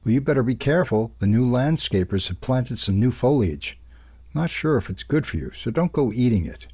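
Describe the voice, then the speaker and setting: A man reading a storybook, voicing a small, bossy female hummingbird in quick, high, buzzy scolding tones. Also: expressive, dark tone, breathy edge. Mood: warning.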